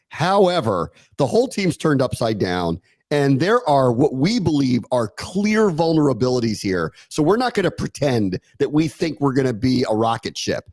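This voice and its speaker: A man co-hosting a sports podcast, animated and sarcastic, laughing often in casual talk. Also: mid-range voice, moderate pace, no room sound. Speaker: podcast co-host.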